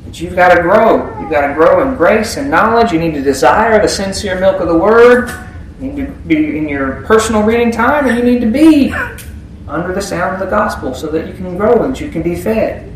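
In a very echoey church with a faint hiss, a preacher with a high voice addresses his congregation animatedly and briskly. The sermon stays conversational as he keeps asking them questions, picked up by a distant mic.

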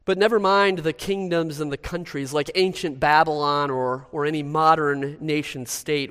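A man's voice: fairly high pitch, a bit bright. A man preaching a sermon as pastor, emphatic and building to pressing rhetorical questions before his congregation. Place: church sanctuary. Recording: long reverb of a church hall.

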